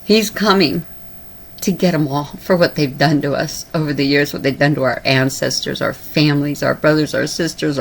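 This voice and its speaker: A woman delivers an urgent, tearful address to her viewers. Her voice sits a little low, and she preaches with emotional repetition. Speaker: online video preacher.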